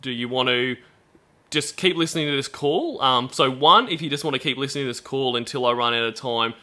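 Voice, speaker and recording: A man's voice: mid-range voice, a little fast, sharp tone. A man hosting a casual chat, laughing often and quoting callers. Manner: laughs often, quotes callers in put-on voices. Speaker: podcast host.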